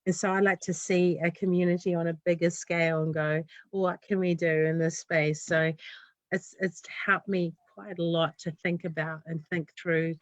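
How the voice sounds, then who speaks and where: Earnest New woman, low voice. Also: flat delivery, moderate pace, dry recording, muffled recording. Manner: earnest, heartfelt, rambling run-on thoughts. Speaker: community developer, guest. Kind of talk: casual interview chat.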